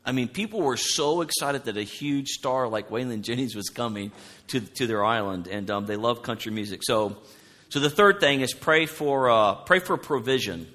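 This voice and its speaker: A man preaching with a bright, forceful voice, loud and animated as he tells his stories. His voice carries through a church hall with a long reverb trailing behind each phrase. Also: medium pitch, normal speed. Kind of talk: sermon.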